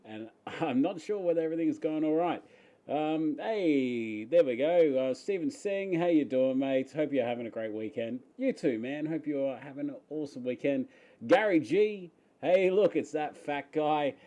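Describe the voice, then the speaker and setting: An Australian man hosting a casual live-stream Q&A from his home, chatty and quick to laugh as he greets viewers by name. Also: on the high side, expressive, dark tone. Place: home, upstairs room.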